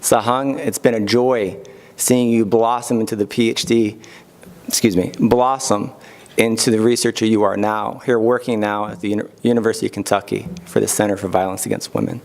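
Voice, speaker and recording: A man's voice: fairly low pitch, fairly even intonation, fairly quick, creaky, a little mellow. A middle-aged man giving a heartfelt acceptance speech at an awards event. He thanks people one by one, with light asides.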